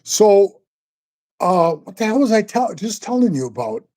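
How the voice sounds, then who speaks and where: A man's voice: high voice, big pitch swings, a little slow, a little mellow. An older man telling stories in a casual interview, rambling and profane, often calling the listener bro. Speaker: interview guest, former biker club member.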